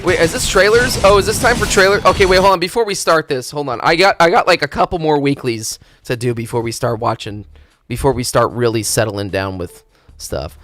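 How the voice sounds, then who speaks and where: Loud, profane male streamer ranting. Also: fairly high pitch, fairly quick, dry recording, soft background music. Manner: animated, swings from loud to muttering. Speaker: game streamer. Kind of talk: casual live-stream chat.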